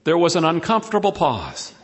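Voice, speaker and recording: Male storyteller, high voice, dry wry reading. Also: wildly swooping pitch, brisk.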